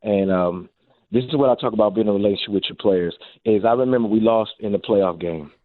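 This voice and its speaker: A former professional receiver, now a coach, talks quickly in a fairly low voice during a casual radio interview heard over a tinny phone line. He's a lively storyteller, performing the quotes as he goes.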